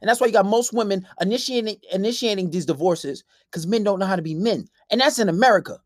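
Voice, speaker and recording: A man's voice: high-pitched, fast talker, dry recording, studio quality. Brash, profane young man ranting. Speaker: podcast host. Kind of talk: casual dating-advice podcast rant.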